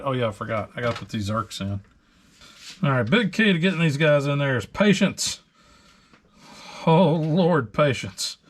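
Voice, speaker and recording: A man hosting a truck repair video, chatting casually and filling gaps with ums while he works on parts in a garage. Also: medium pitch. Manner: relaxed, chatty, talking while wrenching with many fillers. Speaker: host of a truck repair channel. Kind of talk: casual workshop talk-through.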